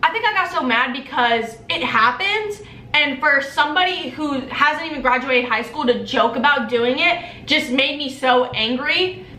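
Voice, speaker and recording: A young woman chats straight to camera, telling a story full of swearing and lively put-on voices for everyone in it. Her voice sits high and bright. The sound is roomy and a little distant, with faint ambience behind her. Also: normal speed, a little hiss or hum. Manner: animated, profane, acts out dialogue in quoted voices. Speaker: vlogger. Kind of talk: casual storytime vlog. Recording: roomy echo, a bit off-mic, faint ambience.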